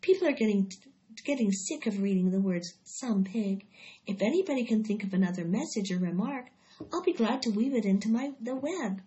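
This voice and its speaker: A woman voicing a wise, bossy female barn spider who speaks calmly and firmly, recorded on a dull lo-fi track. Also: mid-range voice, normal speed, natural voice.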